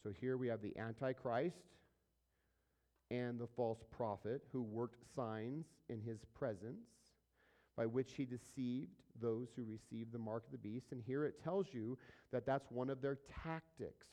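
A male pastor teaching a verse-by-verse sermon, casually asking his listeners questions and moving between quiet asides and louder emphatic passages. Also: mid-range voice, unhurried. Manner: conversational preaching, asks the audience questions, swings between soft and loud.

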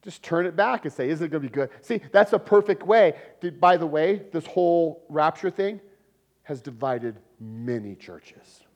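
Lively conversational male preacher. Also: on the high side, unhurried. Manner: lively, conversational preaching with laughs and sudden loud emphasis. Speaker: pastor. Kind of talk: sermon.

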